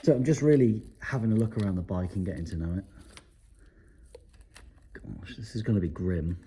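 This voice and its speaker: A man's voice: deep voice, expressive, normal speed, mellow, slight background noise. A man, a motorcycle mechanic, talking through a project bike in a casual workshop vlog with a wry, self-deprecating manner. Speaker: motorcycle mechanic and video maker.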